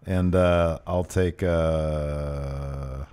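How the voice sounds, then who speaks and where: A man's voice: extremely low pitch, fairly even intonation, extremely slow, dark tone, smooth. A man co-hosting a podcast in casual chat, jokey and laughing often. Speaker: podcast co-host.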